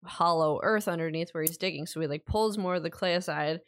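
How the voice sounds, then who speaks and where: Brief: woman with a lowish voice, casually walking through a movie plot, teasing, dry close sound. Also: a little fast, clear, resonant tone, no room sound. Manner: narrating plot step by step, teasing. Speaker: podcast co-host. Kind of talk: casual movie recap chat.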